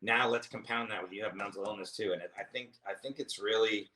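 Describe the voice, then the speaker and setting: Man, comedian, casual chat, bright clear tone, rambling, self-interrupting, swears a lot. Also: fairly low pitch, fairly even intonation, fast talker. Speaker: comedian guest.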